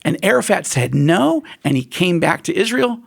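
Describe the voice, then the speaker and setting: Man, animated storyteller, slightly high voice, very gravelly. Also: normal speed. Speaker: guest author. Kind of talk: animated conversational interview.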